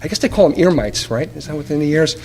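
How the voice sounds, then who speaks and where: A man shares his recovery story before a live audience, lively and wry, throwing out rhetorical questions and playing both sides of old conversations. His voice sits fairly high. The tape carries the long reverb of a large meeting hall. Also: quick pace. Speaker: speaker sharing at a recovery meeting. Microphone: taped at a live meeting.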